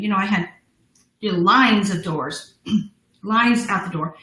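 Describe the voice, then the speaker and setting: A woman's voice: on the high side, fairly bright tone, echoey room, rough recording. A middle-aged woman, a business founder, telling her story as a guest in a live interview, bubbly and laughing often. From United States.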